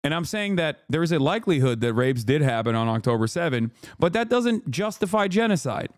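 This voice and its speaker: A man's voice: a little high, big pitch swings, a little fast, no room sound, clean studio sound. A man streaming live, reacting to clips with sarcastic, profane commentary and mock anger.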